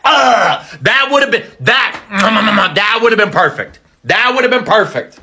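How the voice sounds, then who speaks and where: A man delivering a comedic rant with animated, exaggerated storytelling. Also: high-pitched, normal speed, few pauses, a little hiss or hum.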